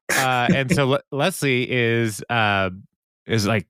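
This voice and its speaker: A man's voice: mid-range voice, expressive, slow pace, long pauses, a bit bright, dry recording, clean studio sound. A man on a podcast retelling a TV episode in casual chat, laughing often as he quotes the characters. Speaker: podcast host recapping a TV episode.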